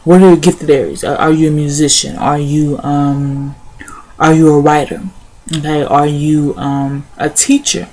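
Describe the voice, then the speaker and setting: A woman's voice: low voice, flat delivery, measured pace, mellow. A young woman sharing her thoughts in a casual vlog, repeating words as she goes and dropping in "y'all" and "honey". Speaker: vlogger. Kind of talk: casual spoken reflection.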